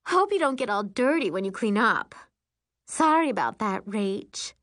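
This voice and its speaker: A woman's voice: medium pitch, lively intonation, moderate pace, a bit bright, voice pushed up, close to an everyday voice. A woman voicing a snobbish preteen girl who talks in a haughty, drawling way.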